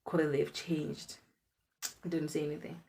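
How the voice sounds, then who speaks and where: A woman in her twenties chatting through an animated storytime vlog. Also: deep voice, takes it slowly, creaky. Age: 20s. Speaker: vlogger.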